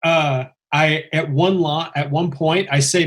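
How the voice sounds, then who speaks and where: A stuntman casually tells a long story on a podcast, his voice on the high side and unhurried. He's animated, acting out the lines he quotes in a raised voice.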